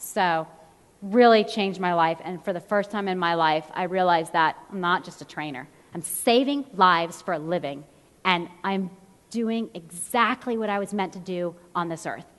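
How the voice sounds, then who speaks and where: A woman in her thirties, a fitness trainer, giving a motivational stage talk and telling stories while acting out the people in them. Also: medium pitch. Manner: animated storyteller, acts out quotes. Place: large event hall. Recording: long hall reverb.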